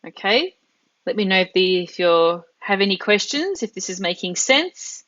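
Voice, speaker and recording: A woman's voice: medium pitch, sing-song, normal speed, fairly bright tone, highs cut off. A woman teaching an online language class live, patiently explaining step by step with examples. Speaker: Italian teacher.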